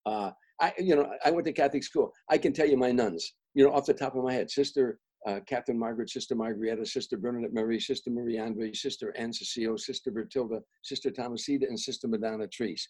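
An older man from the Chicago area rambles through a personal anecdote, restarting and repeating words as he goes. His voice is husky and sits at an ordinary pitch. He settles into a soft, reflective tone. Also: fast, hardly any pauses, rough recording. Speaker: guest, comedian and author.

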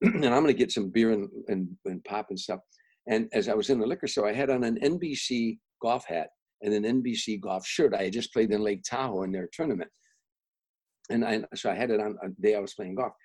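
A man's voice: fairly low pitch, brisk, breathy edge, rough recording. An older man from the Chicago area, a guest comedian telling rambling personal anecdotes with many restarts and repeated words. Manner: restarts, repeats words, grows soft and reflective.

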